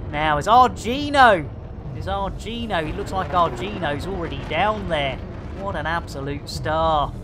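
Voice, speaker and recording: A man's voice: high voice, noisy background. A man streaming a space game, chatting and joking as he plays, with a rambling manner and lots of fillers. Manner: jokey, rambling banter with many fillers. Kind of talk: casual gameplay commentary.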